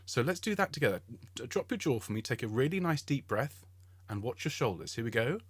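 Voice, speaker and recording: Middle-aged male choir leader, patient and encouraging, close dry sound, mid pitch. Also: very animated, fairly quick, husky, dry recording. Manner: encouraging, patient, explains step by step with frequent "okay?". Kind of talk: online singing warm-up lesson.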